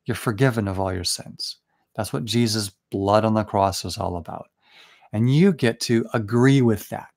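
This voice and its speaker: A man's voice: fairly low pitch, moderate pace, gravelly, darkish tone. Earnest man giving a casual sermon. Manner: conversational, earnest, with restarts and asides. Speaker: preacher hosting a Bible study. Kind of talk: informal sermon.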